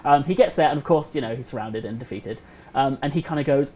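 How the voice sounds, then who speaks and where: A man telling a history story casually on a game developer livestream, animated and acting out the quotes. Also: mid-range voice, fast. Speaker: community host.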